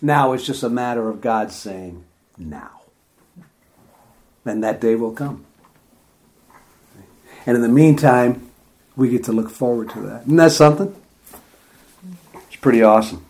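Slow, chatty man teaching scripture. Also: mid-range voice, darkish tone. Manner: enthusiastic, chatty, laughs often, slow and drawn out. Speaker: Bible teacher. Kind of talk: informal Bible study talk.

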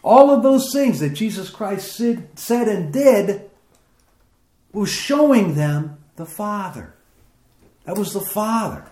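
A man preaching a sermon, reading scripture aloud and explaining it, his voice climbing higher as he presses his points. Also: lively intonation, slow pace, a little mellow, echoey room. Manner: reads scripture aloud then comments, rising in pitch as he grows emphatic.

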